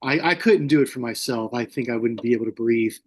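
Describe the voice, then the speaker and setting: A man from Mississippi talking casually as a guest on a podcast. His speech is halting, full of restarts and small laughs. He sits at a middle pitch and keeps an easygoing, unhurried tone. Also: a little mellow.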